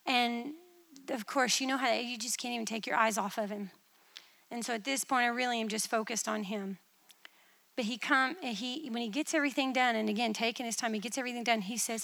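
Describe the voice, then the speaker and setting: A woman preaching a testimony in a church, telling a vision with animated, dramatic storytelling. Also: on the high side, a little fast, vocal fry, big-room sound.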